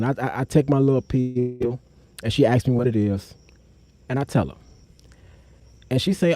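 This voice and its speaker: A man's voice: normal speed, long pauses, dry recording. A young man telling a personal story on a live stream, in a loose, slangy way, breaking off to talk to the chat. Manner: acts out other people's voices with sharp jumps up in pitch.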